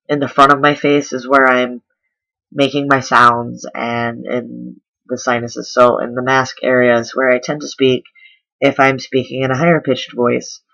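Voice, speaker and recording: A man's voice: mid-range voice, gravelly, sharp tone, highs cut off. A man vlogging a casual voice tutorial, explaining step by step with lots of ums. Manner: chatty, filler-heavy explaining. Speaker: voice coach vlogger.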